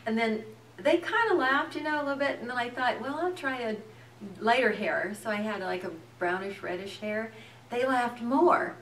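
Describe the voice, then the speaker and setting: A woman actress telling lively anecdotes in a casual interview, laughing often. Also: fairly high pitch, normal speed, roomy sound, distant mic, slight background noise. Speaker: actress, guest.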